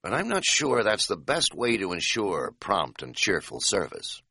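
A laid-back hiking buddy offers his dry remarks slowly and deliberately, as a man narrator puts him on. The voice is bright and recorded close and dry. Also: low voice, huge pitch swings, creaky, husky, dry recording, full character voice. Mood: wry.

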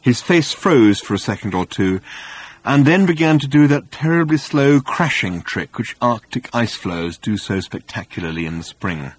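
A man narrating an audiobook with wry, animated storytelling, recorded on a close studio mic. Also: medium pitch, normal speed, husky, no room sound.

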